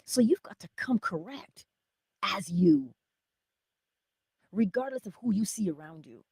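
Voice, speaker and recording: A woman hosting a motivational livestream, with a husky voice, laughing often and answering her chat. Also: mid-range voice, measured pace, dry recording, studio quality. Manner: animated, laughing, talks to chat. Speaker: livestream host.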